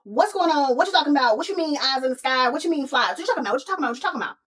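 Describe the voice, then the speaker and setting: A woman's voice: extremely high pitch, sing-song, brisk, a bit bright, pitched above the performer's own voice, heavily acted. A woman voicing an earnest, hot-tempered young witch who fires off urgent questions. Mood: demanding.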